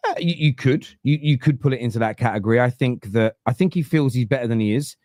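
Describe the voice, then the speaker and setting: Swearing East London football podcaster. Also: male voice, medium pitch, fast, no echo, clean studio sound. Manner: animated storyteller, swears freely, acts out quotes. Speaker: podcast host. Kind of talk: casual football podcast chat.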